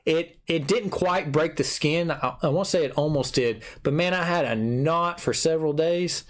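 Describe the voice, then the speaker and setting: A man hosting a podcast, chatting casually and telling animated stories with frequent laughter and acted-out quotes. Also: fairly high pitch, moderate pace. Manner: animated storyteller, laughs often, acts out his own quotes. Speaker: podcast host. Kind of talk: casual chat.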